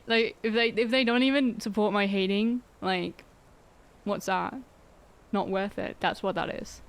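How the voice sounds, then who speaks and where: A woman's voice: on the high side, fairly bright tone, smooth. A young woman streaming a game, chatting casually with her viewers in a sarcastic, giggly way. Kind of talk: casual gameplay livestream chat.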